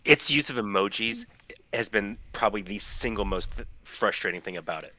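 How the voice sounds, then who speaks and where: A man's voice: fairly low pitch, expressive, normal speed, pushed and bright, dry recording. A man co-hosting a casual podcast who explains in a chatty way, with restarts. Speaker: podcast co-host. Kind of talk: casual chat.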